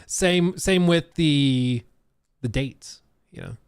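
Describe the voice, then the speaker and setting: A man's voice: on the high side, takes it slowly, clear, resonant tone, dry recording, studio quality. A man hosting a casual gaming livestream, rambling loosely, laughing often and reading out chat messages. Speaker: gaming streamer.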